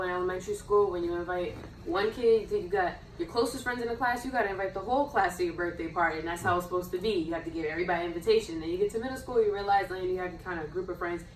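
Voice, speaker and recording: A woman speaking in a relaxed, reflective way during a casual chat. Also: medium pitch, fast talker, few pauses. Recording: roomy echo, distant mic, faint noise.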